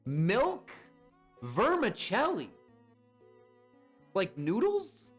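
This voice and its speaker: A man's voice: high-pitched, wildly swooping pitch, drawn-out words, husky, faint music behind. A young man chatting casually on a live stream, guessing along with his chat and reacting to their comments.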